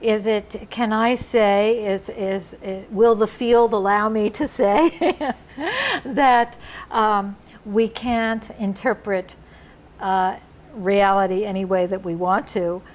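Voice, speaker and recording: A woman's voice: medium pitch, fairly even intonation, takes it slowly. Earnest woman interviewer searching for words. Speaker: interviewer, therapist. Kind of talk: reflective interview conversation.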